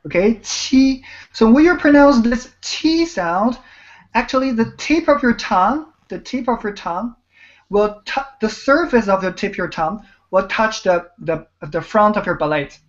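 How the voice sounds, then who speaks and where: A woman's voice: fairly high pitch, lively intonation, normal speed. Patient woman coaching tones, lo-fi call. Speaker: Chinese teacher. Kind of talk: online language mini-lesson. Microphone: video call. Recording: dull lo-fi video call audio.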